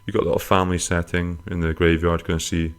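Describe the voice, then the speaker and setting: Low-voiced bloke, comic podcast host, rambling and crude, jumps into squeaky bits for jokes. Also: male voice, flat delivery, fast, clean tone. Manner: rambling, crude, self-mocking humor with sudden high-pitched jokey swings. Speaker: podcast host answering listener questions. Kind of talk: casual comic podcast monologue.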